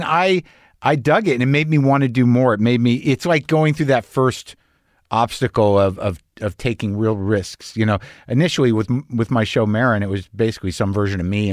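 A man's voice: fairly low pitch, no room sound, clean studio sound. A man who hosts a podcast and acts, talking casually in a loose, profane and self-deprecating way. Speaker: podcast host and actor. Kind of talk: casual conversation.

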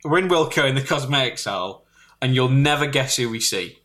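A man tells a comic tale with plenty of animation, his bright voice swinging up and down as he goes. He keeps breaking into loud put-on voices for the people in his story. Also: mid-range voice, a little fast. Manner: animated, shouts and squeals when quoting others. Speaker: storyteller on a comedy podcast.

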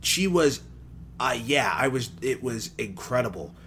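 Animated rambling man reviewing movies. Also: mid-range voice, measured pace, a little hiss or hum. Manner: rambling, lively, playful asides. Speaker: podcast co-host. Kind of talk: casual movie review chat.

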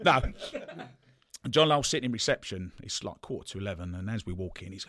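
A man from telling football stories in a relaxed, chatty way, laughing often. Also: lowish voice, brisk, no echo, studio quality. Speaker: podcast guest, former footballer. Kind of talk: casual anecdote telling.

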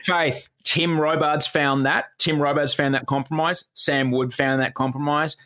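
A man's voice: fairly high pitch, flat delivery, a little slow, pushed and bright. A man co-hosting a chatty TV recap podcast, playful and jokey. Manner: playful, jokey, mock-sincere. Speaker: podcast co-host. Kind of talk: casual chat.

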